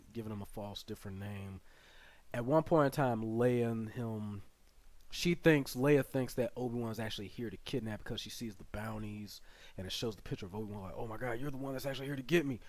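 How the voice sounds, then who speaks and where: A man's voice: mid-range voice, dry recording. A man hosting his channel, casually retelling a show's plot in a rambling way full of fillers and asides. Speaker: channel host reviewing a series. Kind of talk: casual spoken plot recap.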